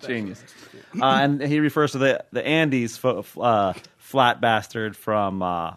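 A man hosting a casual podcast, chatty and quick to laugh. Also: mid-range voice, fairly bright tone. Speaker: podcast host.

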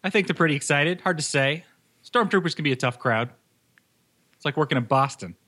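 A man's voice: fairly high pitch, a little fast, sharp tone. A man co-hosting a podcast in casual banter, playful and goofy, laughing often, recorded on a microphone in an office. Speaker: podcast co-host. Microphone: studio microphone.

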